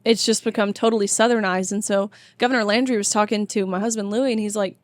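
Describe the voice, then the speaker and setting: A young woman in her twenties talks as a guest in a casual interview. She speaks in a chatty, emphatic way at a mid-range pitch, in a dry, close-sounding recording. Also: fairly even intonation, fast talker, dry recording. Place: tour bus.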